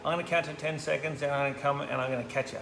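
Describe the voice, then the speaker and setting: Eager cheeky boy mouse from an Australian man, slightly raised voice, gravelly, echoey room. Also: on the high side, fairly even intonation, rapid-fire, a bit bright, a little hiss or hum, pitched above the performer's own voice.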